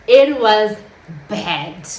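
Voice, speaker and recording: A young woman telling a story in a dramatic, animated way, swearing freely as she vents to her viewers. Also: medium pitch, extremely slow, slight background noise. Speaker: storytime vlogger. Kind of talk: casual storytelling. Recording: roomy echo.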